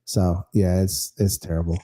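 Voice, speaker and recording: Man, podcast host, casual chat, storyteller, animated, dark mellow voice, echoey room. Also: low voice, normal speed. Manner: animated storyteller, acts out quotes, swears freely.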